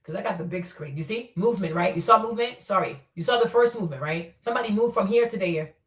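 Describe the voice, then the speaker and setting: A woman's voice: medium pitch, fast talker, distant mic. Insistent woman streamer, echoey room. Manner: insistent, repeats phrases, points out details step by step. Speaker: streamer commenting on video footage. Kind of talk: casual livestream commentary.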